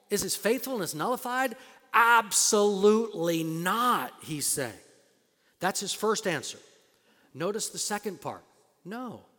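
Emphatic male preacher in a reverberant hall. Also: on the high side. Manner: emphatic, swings between loud declarations and quiet asides; conversational preacher with fillers and restarts. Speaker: pastor. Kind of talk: sermon.

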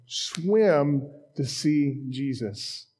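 Guy doing a fired-up fisherman in a rush, warm mellow voice. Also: fairly high pitch, expressive, extremely slow, husky, full character voice. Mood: eager. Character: eager impulsive male fisherman disciple.

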